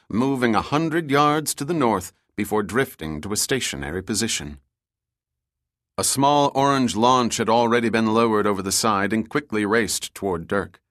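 Steady male audiobook narrator, dry sound. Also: mid-range voice, no room sound. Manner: steady, measured storytelling. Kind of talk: scripted narration.

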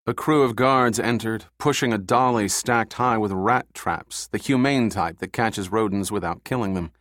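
A man's voice: lowish voice, no room sound. Male audiobook narrator, dry close sound. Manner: steady, measured reading.

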